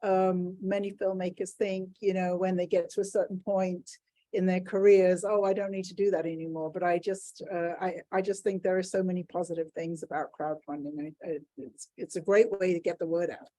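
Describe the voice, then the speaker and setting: Woman interview host, low-pitched, encouraging, chatty, video call. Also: flat delivery, moderate pace, dark tone. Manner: encouraging, chatty, brief backchannel responses. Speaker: interview host and business coach. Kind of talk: casual interview chat.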